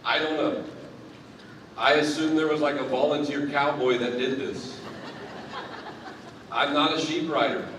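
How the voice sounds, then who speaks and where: Man, thirties, commencement keynote, self-deprecating humor, heavy arena echo, clear background ambience. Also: a little high, fairly even intonation, measured pace, pauses often, a bit bright, a little hiss or hum. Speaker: keynote speaker. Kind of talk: commencement speech. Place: large indoor university arena. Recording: echoey arena, picked up from a distance.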